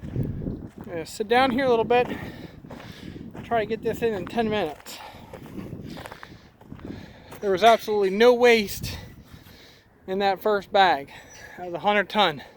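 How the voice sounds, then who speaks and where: A man's voice: high voice, unhurried, long pauses. A man, a cattle farmer, talking casually to camera outdoors on his farm, plain-spoken and rambling, a bit out of breath. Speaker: cattle farmer and channel host. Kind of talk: casual vlog talk to camera. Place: outdoors on a farm in high wind. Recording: outdoor recording with clear wind noise.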